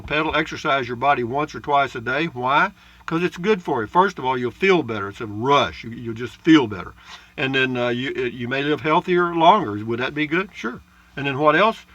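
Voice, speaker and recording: A man's voice: mid-range voice, a bit bright, no room sound, muffled recording. A man chatting in a folksy, rambling way as he reads viewer comments in his travel trailer. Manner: folksy and rambling, with frequent uh's and asides. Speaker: RV vlogger. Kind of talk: casual chat reading viewer comments.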